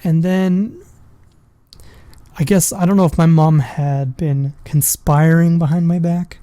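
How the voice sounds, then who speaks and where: A man's voice: a little high, fairly even intonation, slow pace, dark tone, no room sound. Profane rambling man telling a story. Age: adult with a school-age daughter. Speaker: vlogger. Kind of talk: casual storytelling.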